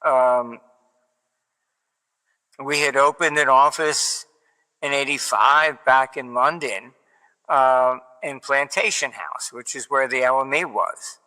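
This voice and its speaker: Older male interview guest, bright and smooth-voiced, rambling through wry stories, heard with a long reverberant room tail. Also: mid-range voice, slow pace, pauses often. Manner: digressive storyteller, wry and matter-of-fact. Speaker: interview guest, market forecaster. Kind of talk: rambling anecdotal interview talk.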